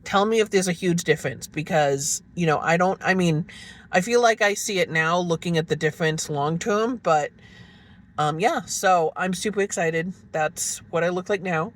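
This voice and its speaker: A vlogger chatting casually on camera at home in a kitchen, excitable and full of fillers, sometimes eating while talking. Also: mid-range voice. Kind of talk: casual chat and on-camera food tasting.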